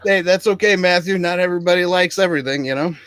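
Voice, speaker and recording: A man's voice: high voice, quick pace, a bit bright, clean tone, dry recording. A man co-hosting a casual movie review chat, who laughs often and acts out lines from the film. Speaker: co-host of a movie review show.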